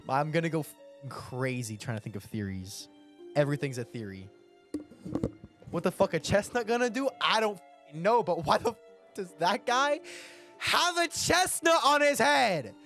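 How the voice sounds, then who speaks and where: Brief: male reaction host, animated and expressive, pitched a bit high, excitable and foul-mouthed. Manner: excitable, swears, talks to chat. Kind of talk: reacting to an anime episode.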